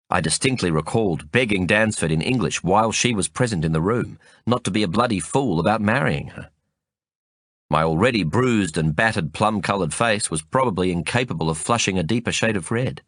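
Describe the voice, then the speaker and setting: A man narrating a first-person novel as an audiobook reader, in a measured, expressive storytelling manner. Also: fairly low pitch, no echo, clean studio sound.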